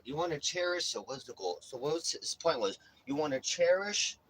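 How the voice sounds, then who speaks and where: A man's voice: a little high, animated, moderate pace, a bit bright, slightly rough, low-quality recording. A young man hosting a live stream, ranting casually and bluntly with constant swearing and "bro". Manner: profane, blunt, swaggering, says "bro" a lot. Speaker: livestream host. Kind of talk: casual rant to a live chat.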